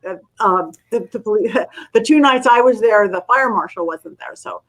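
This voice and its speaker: This middle-aged woman talks at a normal speed with a medium-pitched voice, though the recording is rough. Appearing as a guest psychic medium in a relaxed interview, she tells stories with animation and performs the quoted voices of the people involved.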